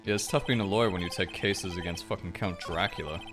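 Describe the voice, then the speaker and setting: A man's voice: sits low, quick pace. A man commenting over a game in a sarcastic, profane, joking way. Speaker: let's-play gamer. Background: game music.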